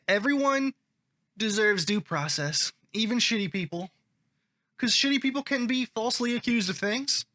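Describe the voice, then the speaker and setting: Bright, high-voiced sarcastic male vlogger. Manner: sarcastic, profane, offhand. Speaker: commentary vlogger. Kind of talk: reading and reacting to online comments.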